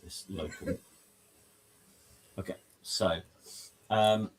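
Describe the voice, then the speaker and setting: A man's voice: on the low side, fairly even intonation, extremely slow, distant mic, slight background noise. A man running a tabletop horror game as game master, often hesitating and restarting sentences.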